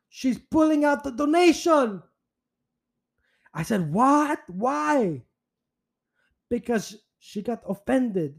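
A man's voice: high voice, voice pushed up, heavily acted. A man putting on a smug, theatrical priest. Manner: theatrical, pleading, exaggerated. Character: smug middle-aged male priest telling a story.

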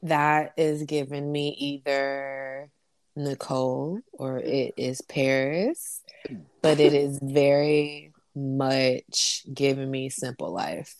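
A woman's voice: extremely low pitch, fairly even intonation, slow pace, darkish tone, no echo, clean studio sound. A woman chatting casually with a co-host, quizzing him in a guessing game, teasing and giggly. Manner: teasing, giggly, laid-back.

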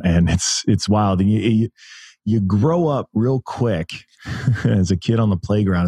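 A man in his thirties from the United States, a podcast guest telling stories in a rambling, animated way and laughing often. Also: sits low, dry recording. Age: 30s. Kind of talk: casual interview chat.

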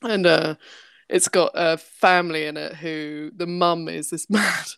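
A woman with a lowish voice chats as a guest on a podcast. She laughs a lot and swears without a second thought. The sound is close and dry, with no room echo. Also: fairly even intonation, measured pace, creaky, fairly bright tone, smooth. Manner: laughs often, swears freely, chatty. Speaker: comic artist guest. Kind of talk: casual chat.

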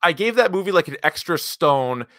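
A man hosts a relaxed podcast chat with a co-host. He rambles, throws in lots of fillers, and leans emphatically on key words. His voice is bright and clear, in a close, dry sound. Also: a little high, normal speed, no echo. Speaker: podcast host reviewing movies. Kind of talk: casual chat.

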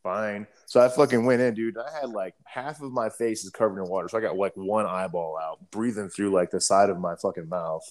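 A middle-aged man talks in an easygoing, casual way, his voice sitting fairly low. He swears freely and tells army stories, acting out the other people's lines as he goes. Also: brisk, hardly any pauses. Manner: laid-back, profane storytelling with quoted dialogue. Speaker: army veteran telling stories. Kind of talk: casual chat.

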